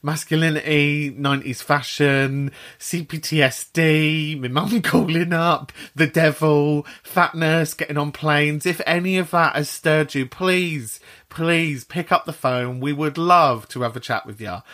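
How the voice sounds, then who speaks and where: A man's voice: fairly high pitch, fairly even intonation, unhurried, hardly any pauses, fairly bright tone. Emotional man hosting a podcast. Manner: emotional, laughing and swearing freely. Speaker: host. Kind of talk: casual podcast talk.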